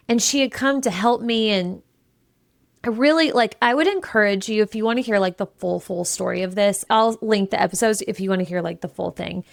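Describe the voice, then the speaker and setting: A woman's voice: a little high, dry recording. A woman in her thirties talks candidly on her solo business podcast. Her delivery is emotional and rambling, full of restarts. The sound is dry and close, with no room around it. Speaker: podcast host.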